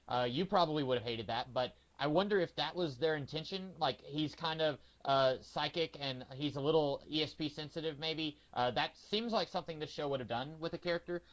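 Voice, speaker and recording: A man's voice: on the high side, fairly bright tone, lo-fi sound. A young man co-hosting a casual podcast chat, thoughtful and hesitant, with many ums. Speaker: podcast co-host.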